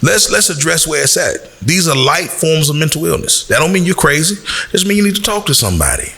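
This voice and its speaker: A gravelly man from Chicago giving a blunt lecture to the youth. His voice is bright and a little tense, and it rises when he hammers a point home. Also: fairly high pitch, sing-song, a little fast. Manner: blunt, lecturing, rising on emphasis. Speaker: community speaker. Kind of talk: preaching to young people.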